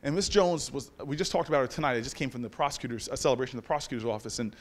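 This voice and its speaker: A man's voice: medium pitch, very fast. A man in his forties telling a self-mocking story as a guest speaker in a university lecture hall. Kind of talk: storytelling speech to an audience.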